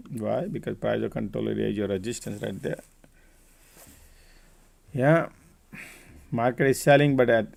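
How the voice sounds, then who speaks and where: Gravelly man streaming live market talk. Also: fairly low pitch, darkish tone. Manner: casual, chatty, talks to viewers by name. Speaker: trading stream host.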